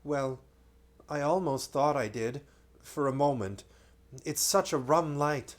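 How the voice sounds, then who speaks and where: A man doing an eager excited boy king. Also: on the high side, slow, voice pushed up. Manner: excited, breathless exclamations.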